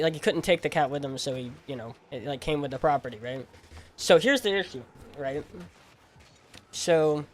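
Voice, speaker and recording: A man streaming a game and chatting casually in a rambling, animated, slangy way. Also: a little high. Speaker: gaming streamer.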